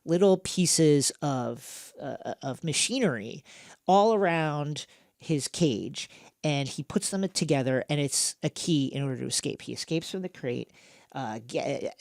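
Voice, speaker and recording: Male podcast host, gravelly voice, dry studio sound, animated recap chat. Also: on the high side, measured pace, no echo. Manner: animated storytelling with fillers. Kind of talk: casual film recap chat.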